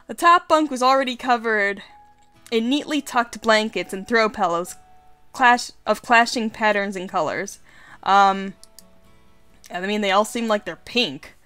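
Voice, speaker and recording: A woman's voice: medium pitch, measured pace, long pauses, pushed and bright, clean tone, no room sound, soft background music. A woman hosting a let's play, reading a dating game aloud with casual, giggly commentary and swearing.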